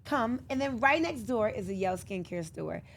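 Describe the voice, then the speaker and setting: A woman's voice: mid-range voice, lively intonation, normal speed, creaky. A woman in her thirties, a podcast guest, chatting casually in a studio and acting out family dialogue as she tells stories. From New York. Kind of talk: casual chat.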